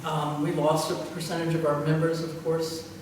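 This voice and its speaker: With a low, darkish voice and flat delivery at a moderate pace, an older woman pastor swaps church anecdotes in conversation, rambling and chuckling between fillers. The recording is far-off in an echoey church hall, with faint noise.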